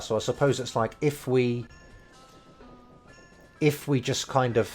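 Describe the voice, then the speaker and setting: A man's voice: mid-range voice, takes it slowly, gravelly, long pauses, soft background music. A man explaining game dialogue line by line, thinking aloud with lots of hedging and fillers. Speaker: language learning streamer.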